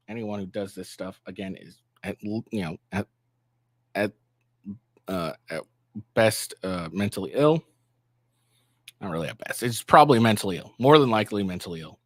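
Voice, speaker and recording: Man, rambling sarcastic commentary vlogger, animated pitch, dry close sound. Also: no room sound. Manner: rambling, with fillers and sarcastic asides. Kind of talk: casual reaction commentary.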